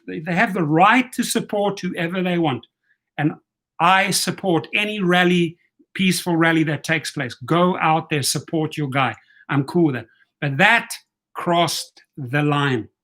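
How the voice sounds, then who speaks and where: A man's voice: a little high, measured pace. A man in his fifties, a channel host, telling a story in a casual vlog. He talks bluntly and animatedly and swears freely. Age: 50s. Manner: animated, profane, blunt retelling of a confrontation.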